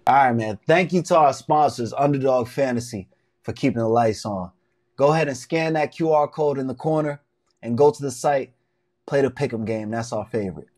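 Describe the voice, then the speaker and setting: A young man co-hosts a sports show, talking at an ordinary pitch for a man. His delivery is laid-back, with joking banter. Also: moderate pace, darkish tone. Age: young adult. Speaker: co-host. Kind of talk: casual sports talk.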